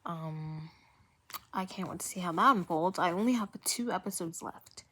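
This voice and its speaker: A woman's voice: on the low side, normal speed, pushed and bright. A woman chatting casually as a vlogger reviewing a TV series, rambling and repeating phrases for emphasis. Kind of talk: casual chat.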